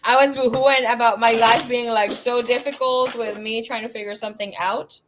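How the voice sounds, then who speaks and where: A woman's voice: fairly high pitch, fairly even intonation, moderate pace, noisy background. A woman in her thirties, a psychic tarot reader, chatting casually and telling a story with laughs, swearing and acted-out quotes.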